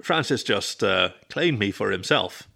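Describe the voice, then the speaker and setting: A man's voice: fairly low pitch, expressive, a little slow, gravelly, bright, forceful tone, exaggerated voice. A man voicing an earnest, self-doubting young male wolf in a storybook reading, speaking in a hesitant, apologetic way. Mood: sheepish.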